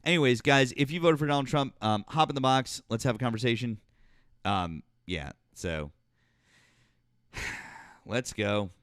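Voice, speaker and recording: A man's voice: mid-range voice, measured pace, long pauses, fairly bright tone, no room sound, clean studio sound. A man hosting a political call-in stream, arguing hard with a caller in a profane, combative way, his throat sore. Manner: argumentative, profane, talks over callers. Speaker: political talk show host. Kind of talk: heated live call-in debate.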